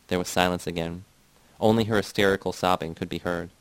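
A man with a fairly low voice reads a first-person novel aloud. His delivery is measured and even. The sound is dry and close, with no room around it. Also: clean tone, no echo, poor audio. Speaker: audiobook narrator.

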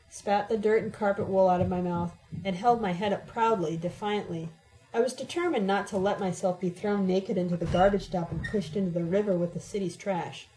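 Mellow woman narrating a dramatic audiobook. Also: medium pitch, poor audio. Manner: dramatic, emotionally charged reading. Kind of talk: first-person audiobook narration.

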